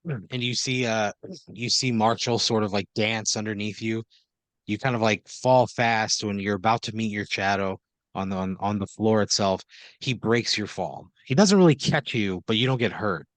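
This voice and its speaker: A man's voice: fairly low pitch, moderate pace, a bit bright, dry recording. A man hosting an improvised comedy podcast, narrating a story casually with lots of fillers and laughter. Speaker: host and game master.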